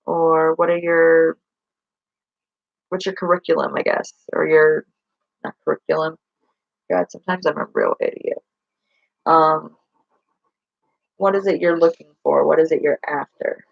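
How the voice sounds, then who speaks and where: A woman with a gravelly, fry-laden voice chats on a livestream, rambling and correcting herself as she talks to viewers. The audio is dull and lo-fi, and the sound is dry and close. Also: sits low, steady tone, a little slow, long pauses, dry recording. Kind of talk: casual live-stream chat. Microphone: laptop or phone mic.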